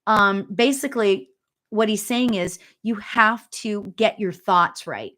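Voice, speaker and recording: A middle-aged woman giving a live spiritual reading, chatty and giggly, full of fillers and quick asides, sometimes dropping to a whisper. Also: medium pitch, bright, forceful tone. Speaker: spiritual medium. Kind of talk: live reading, casual chat.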